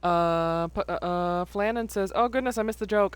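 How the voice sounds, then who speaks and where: A woman's voice: mid-range voice, fairly quick, few pauses, clean tone, dry recording. A woman streaming live who chats casually, laughs often and reads viewers' messages aloud. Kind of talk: casual livestream chat.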